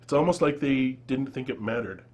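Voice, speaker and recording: A man's voice: mid-range voice, fairly quick, a little mellow, dull audio. A young man hosting a casual podcast, bantering and joking with co-hosts. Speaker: show host. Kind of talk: casual chat.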